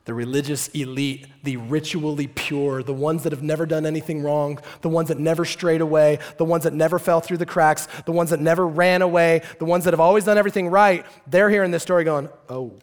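A man's voice: a little high, flat delivery, fairly quick, few pauses. A man preaching a sermon in a playful way, acting out the story as he tells it. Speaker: pastor.

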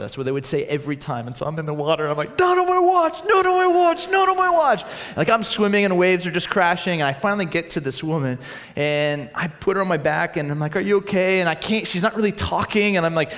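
A man from Southern California preaching a storytelling sermon, acting out voices and swinging from loud to quiet. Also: fairly high pitch, long reverb tail.

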